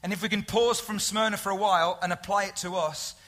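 A man preaching a sermon to his congregation in an earnest, conversational way, often dropping to a soft, intimate tone. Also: high voice, steady tone, brisk. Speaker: pastor.

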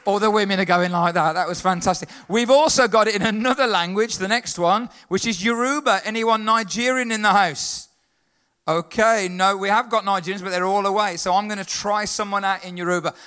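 A man leading a lively church talk, calling out to the congregation and getting them to answer back. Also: high-pitched, brisk, smooth. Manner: upbeat, leads the congregation in call-and-response. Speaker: children's worker leading a church service.

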